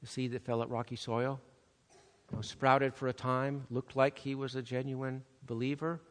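A man preaching a sermon, swinging between loud, urgent emphasis and hushed, soft passages. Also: mid-range voice, level tone, moderate pace. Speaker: pastor. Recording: long reverb of a large hall.

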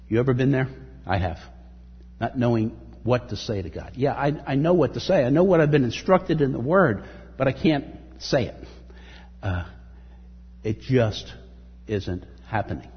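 A man preaching in a long, echoing hall, his voice very husky and breathy. The sound is dull and muffled. He reads scripture with rising emphasis and speaks earnestly between verses. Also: medium pitch, sing-song, normal speed, long pauses. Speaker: pastor. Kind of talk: sermon.

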